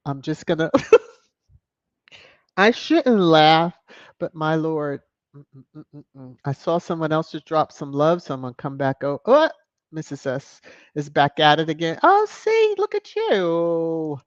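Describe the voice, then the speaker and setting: A woman's voice: sits low, big pitch swings, a little slow, no room sound. A woman hosting a live stream, chatting casually as she reads and thanks viewers for their donations. She is effusive and laughs often. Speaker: channel host. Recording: dull, dry lo-fi sound.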